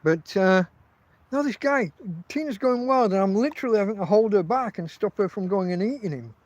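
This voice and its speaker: A man's voice: high voice, animated, brisk, no echo, dull audio. An English man hosting a casual livestream from his tent, telling rambling, profane stories full of restarts. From England. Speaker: podcast host.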